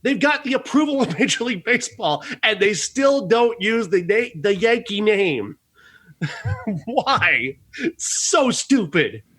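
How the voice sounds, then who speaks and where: A man's voice: high-pitched, big pitch swings, unhurried, a bit bright, slightly rough. A man co-hosting a movie review podcast, ranting with swearing and frequent laughter. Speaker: podcast co-host. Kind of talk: casual movie review chat.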